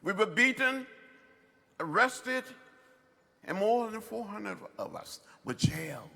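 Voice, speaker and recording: Impassioned older man orating, booming reverb. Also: lively intonation, takes it slowly, gravelly, bright, forceful tone. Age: 70s. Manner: impassioned preacher-like oratory in short repeated phrases. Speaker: commencement speaker. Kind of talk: commencement address. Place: large outdoor ceremony over loudspeakers. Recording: long reverb from a public address system.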